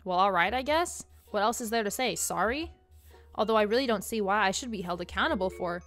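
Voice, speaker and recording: A woman's voice: medium pitch, expressive, a little fast, fairly bright tone, faint music behind, natural voice. Woman voicing a hesitant, strained young man. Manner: hesitant, stumbling. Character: weary young man, polite but strained.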